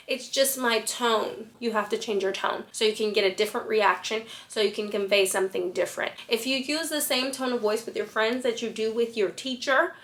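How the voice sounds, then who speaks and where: A woman's voice: on the high side, fairly bright tone. A woman giving blunt, sassy dating advice straight to camera as a fashion influencer. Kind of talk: talking-head advice vlog.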